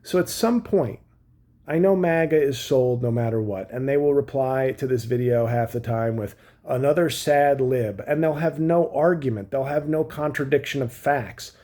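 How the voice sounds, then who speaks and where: A man, a comedian, delivering a sarcastic political commentary rant with mocking asides and animated bursts of emphasis. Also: medium pitch, normal speed.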